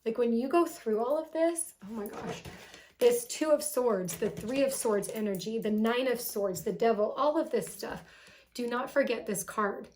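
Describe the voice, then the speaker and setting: A woman's voice: a little high, normal speed, a little mellow, a little hiss or hum. A young adult woman doing a tarot reading to camera, emotional and affectionate, often sighing and gushing. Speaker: tarot card reader.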